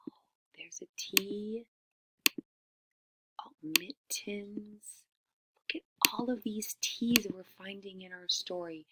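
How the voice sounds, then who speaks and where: Slow, whispery woman teaching small children. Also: medium pitch, background noise. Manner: slow, drawn-out, over-enunciated words; often drops to a whisper. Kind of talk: teaching young children a reading lesson.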